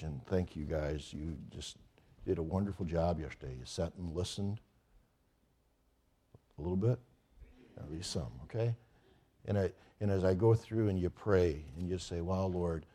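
A middle-aged man, a pastor, preaching a sermon and telling a story with growing excitement. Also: sits low, breathy edge. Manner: storytelling, animated with rising excitement.

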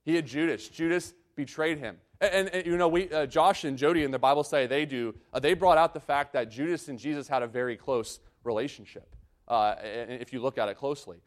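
A man's voice: mid-range voice, brisk. A man preaching a sermon, reading scripture and explaining it in an earnest way, often repeating and restarting his phrases. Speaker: pastor.

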